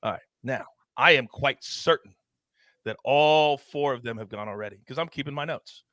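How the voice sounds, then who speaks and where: A man hosting a sports betting show, animated and theatrical, swinging his voice up and down for emphasis. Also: moderate pace, no echo, clean studio sound. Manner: animated and theatrical, big swings in pitch and volume. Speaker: host.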